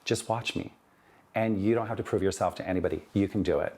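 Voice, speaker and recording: A man's voice: sits low, steady tone, fast, a little mellow. A man, a children's book author, talking earnestly in an interview and telling his story with many "you know"s.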